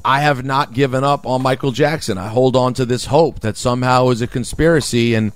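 A man co-hosting a morning radio show, talking in emphatic, animated bursts. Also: mid-range voice, fairly quick, clear, resonant tone.

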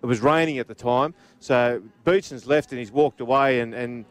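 Rambling Australian radio host. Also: male voice, mid-range voice, moderate pace. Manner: rambling, repeats words as he tells a yarn. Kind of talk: casual storytelling chat.

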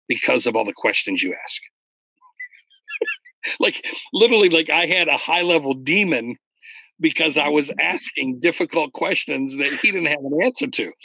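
A man in casual conversation about faith, explaining earnestly and getting animated when he retells stories. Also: a little high, moderate pace, vocal fry, dry recording, lo-fi sound.

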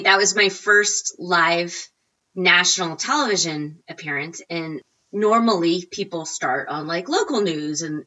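Woman, 40s, animated interview guest; bright, slightly low voice, dull recording. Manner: animated, acts out quotes with big pitch jumps. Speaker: guest, recipe blogger. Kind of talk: casual storytelling interview.

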